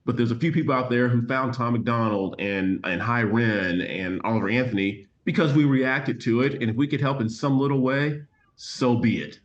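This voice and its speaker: A middle-aged man co-hosting a music reaction channel, reading viewer comments in an earnest, measured way with dry sarcasm. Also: mid-range voice. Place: home, remote from co-host. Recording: muffled lo-fi sound.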